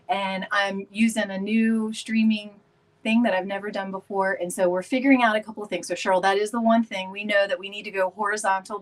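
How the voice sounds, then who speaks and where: A woman's voice: medium pitch, low-quality recording. A woman chatting casually with viewers during a live craft stream, laughing often and greeting people by name. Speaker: DIY home decor live streamer.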